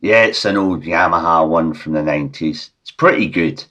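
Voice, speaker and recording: A Scottish man hosting a comedy podcast with a deadpan, rambling absurdist monologue. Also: low-pitched, moderate pace, dull audio. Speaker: podcast host.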